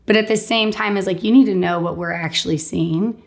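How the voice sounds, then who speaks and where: Woman in her thirties, lowish gravelly voice, candid conversational faith testimony. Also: brisk. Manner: candid, conversational storytelling with frequent "like". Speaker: guest sharing her testimony.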